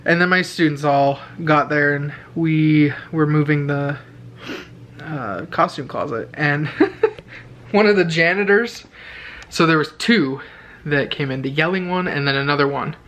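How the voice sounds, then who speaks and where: A man's voice: measured pace, fairly bright tone. Young man, chatty bedtime vlog storyteller, handheld camera, faint room hiss. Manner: chatty, laughing, quoting others in high voices. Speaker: vlogger, teacher. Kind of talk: casual storytelling from bed. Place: bedroom at night. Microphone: handheld camera held overhead.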